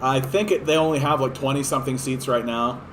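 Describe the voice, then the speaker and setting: A man's voice: mid-range voice, fairly even intonation, a little fast, a bit bright, slight background noise. A man giving a sarcastic, profane, exasperated rant of political commentary. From Canada.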